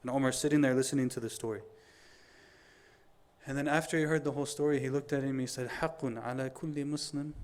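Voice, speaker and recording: A middle-aged man giving a Friday sermon, telling stories in an animated way, acting out the dialogue and reciting quotations quickly. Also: medium pitch. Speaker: preacher.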